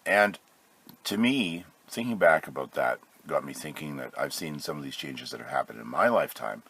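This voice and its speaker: A man with a very low, husky voice talks through a casual solo podcast from home. He sounds sick, and he drifts along with frequent fillers and restarts, correcting himself as he goes. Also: expressive, moderate pace, a bit bright. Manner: loose, hesitant, many fillers and self-corrections. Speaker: podcast host.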